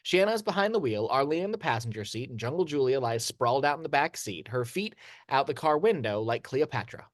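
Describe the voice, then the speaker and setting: A man's voice: medium pitch, brisk, no room sound. Man reading screenplay directions, dry sound. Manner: steady reading with occasional stumbles and restarts. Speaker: narrator. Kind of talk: reading screenplay action lines.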